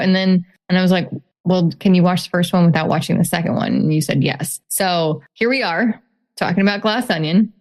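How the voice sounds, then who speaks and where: A woman's voice: fairly low pitch, fairly even intonation, fairly quick, a little mellow. Cheerful woman hosting a podcast. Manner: cheerful, chatty, playful. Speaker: podcast host. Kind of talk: casual podcast chat.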